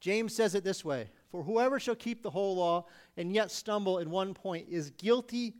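A man preaching a sermon, acting out pleading voices with sudden loud bursts. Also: sits high, normal speed, clear, resonant tone.

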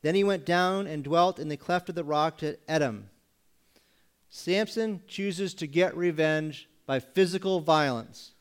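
A man delivering a sermon in a slightly higher voice. He asks the room pointed rhetorical questions and leaves pauses between them. Now and then he briefly takes on other people's voices to make a point. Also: clear, resonant tone. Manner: acts out congregation voices mockingly. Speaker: pastor.

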